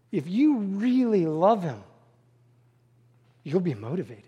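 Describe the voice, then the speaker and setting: A middle-aged man delivering a sermon in a church, his voice pitched high for a man. He tells stories with eager, animated enthusiasm. The sound carries a long reverb from a large hall. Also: slow pace, pauses often, slightly rough, highs cut off. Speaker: pastor.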